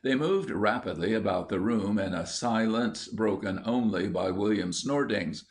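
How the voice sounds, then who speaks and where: A man narrating a children's storybook in an even storytelling manner. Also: lowish voice, unhurried. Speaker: audiobook narrator. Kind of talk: scripted narration.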